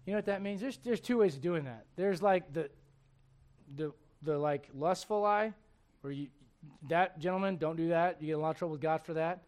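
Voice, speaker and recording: A man's voice: on the high side, fairly quick, darkish tone. A male pastor preaching a sermon with emphatic storytelling and direct questions to the congregation.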